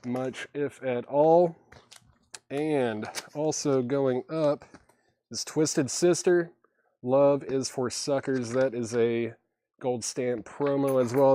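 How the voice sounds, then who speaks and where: A man hosting a live vinyl record sale, listing titles, conditions and prices in steady patter with self-deprecating asides. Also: medium pitch. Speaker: host selling vinyl records on a livestream.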